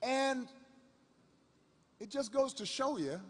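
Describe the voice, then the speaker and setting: Man, 50s, politician storytelling in a campaign speech; high voice, long hall reverb, halting repetitions. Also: expressive, fairly bright tone. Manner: halting, repeats words and phrases for effect. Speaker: politician at a rally.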